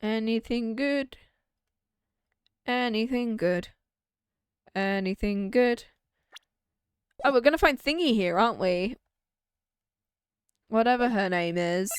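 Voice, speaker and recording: A young woman streaming a game, reading its dialogue aloud and chatting with quick reactions. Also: fairly high pitch, slight background noise.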